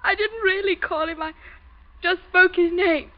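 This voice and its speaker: A woman's voice: very high voice, steady tone, a little slow, lo-fi sound. A woman playing a frightened tearful young daughter. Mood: distraught. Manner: tearful, trembling, pleading.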